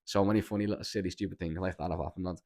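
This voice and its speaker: A young podcast host with a Scouse accent tells rambling, sweary stories full of restarts in a casual chat. His voice is low, gravelly, and a touch mellow, with a steady tone and a rapid-fire pace.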